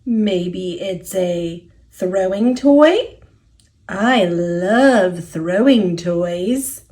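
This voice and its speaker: A woman with an American accent voicing a gentle, careful male elephant in a picture book read-aloud. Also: animated, drawn-out words. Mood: puzzled. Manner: low, soft and hesitant.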